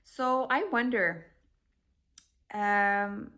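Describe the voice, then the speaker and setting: A woman vlogger telling a personal spiritual story to the camera, reflective and unhurried, with fillers and restarts. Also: mid-range voice, pushed and bright.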